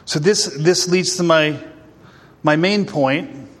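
A man's voice: fairly high pitch, slow, a bit bright. A man preaching a sermon to a congregation, emphatic and full of rhetorical questions. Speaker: pastor. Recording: long hall reverb.

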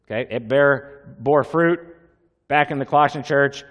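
A man's voice: mid-range voice, a little slow, fairly bright tone. A man preaching as a pastor, opening with a prayer and then teaching in an earnest, conversational way, with asides and repeated questions to the congregation. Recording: long hall reverb.

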